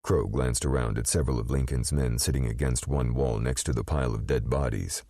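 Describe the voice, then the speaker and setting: A man narrating an audiobook in a measured, expressive storytelling manner. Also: extremely low pitch, no room sound, studio quality.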